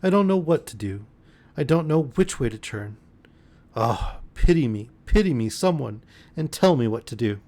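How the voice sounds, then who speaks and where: A man's voice: fairly high pitch, expressive, normal speed, a little mellow, pitched above the performer's own voice, close to an everyday voice. A man voicing a distraught young woman. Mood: anguished. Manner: pleading, breaking voice.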